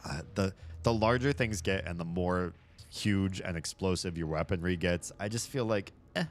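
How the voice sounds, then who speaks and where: A man's voice: low-pitched, normal speed. A young man chatting casually and swearing freely while playing through a horror game. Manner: chatty, swears freely, laughs at his own jokes. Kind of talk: casual let's-play commentary.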